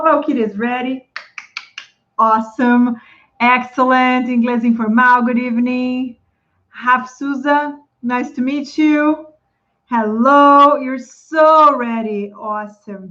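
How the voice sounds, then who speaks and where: A woman's voice: a little high, a bit bright, highs cut off. A woman hosting a live stream for English teachers, upbeat and greeting viewers by name. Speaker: livestream host coaching English teachers.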